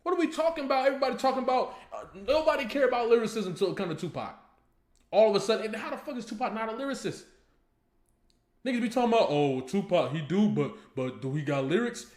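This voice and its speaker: A man's voice: very high-pitched, sing-song, fast talker. A man hosting a reaction video, breaking down a rap song in casual, slangy and profane talk, often restarting his sentences and using fillers. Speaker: host reacting to a rap track. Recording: roomy echo, faint music behind.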